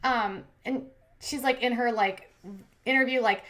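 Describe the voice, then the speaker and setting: Bright, chatty woman recapping a show. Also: fairly high pitch, measured pace, pauses often. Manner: chatty, heavy use of "like" and "um"; opinionated, cheering and scolding the people she recaps. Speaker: commentary channel host. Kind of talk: casual recap commentary.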